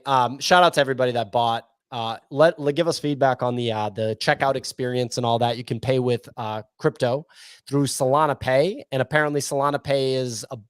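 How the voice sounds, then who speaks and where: A man's voice: mid-range voice, clean tone, dry recording. A man co-hosting a casual podcast, talking in a loose, joking way while plugging merch. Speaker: podcast co-host.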